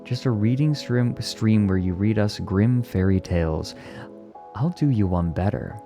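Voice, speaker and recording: A man streaming and chatting casually with his viewers, speaking gently and with enthusiasm. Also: on the low side, expressive, measured pace, faint music behind. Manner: gentle, soft-spoken. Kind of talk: casual live-stream chat, answering chat.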